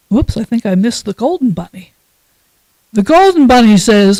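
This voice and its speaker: A woman leading a church service, reading a passage aloud and then telling a children's story in a calm, measured way. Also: on the high side, no room sound, rough recording. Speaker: worship leader.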